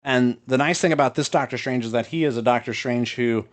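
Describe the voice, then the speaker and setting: A man's voice: medium pitch, fairly quick, no room sound. A male podcast co-host in casual chat, talking loosely with lots of fillers and swearing, laughing as he retells a story.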